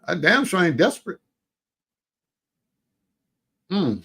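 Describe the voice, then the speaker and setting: A man hosting a casual livestream, talking in a somewhat high voice. He is animated and exclamatory, with folksy asides. Drawn-out hums and murmurs fill the gaps between his remarks. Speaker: livestream host.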